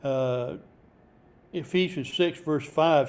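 An older man preaches an informal sermon in a mellow, fairly high voice. He halts often, restarting his sentences and filling gaps with "uh" and "you know". Now and then he reads scripture aloud. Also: expressive. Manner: halting, with many restarts and fillers.

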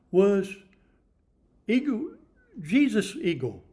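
A man's voice: high voice, expressive, slow, long pauses, a little mellow. A man in his seventies preaching a sermon in a folksy, emphatic storytelling manner, often repeating himself. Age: 70s.

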